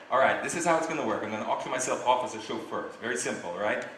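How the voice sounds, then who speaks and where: A man's voice: mid-range voice, a bit bright. A man from the Philippines giving a conversational, anecdotal talk to a live audience, with casual asides as he tells his story. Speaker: speaker at a live talk event. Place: large hall with audience. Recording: roomy live hall sound, faint noise.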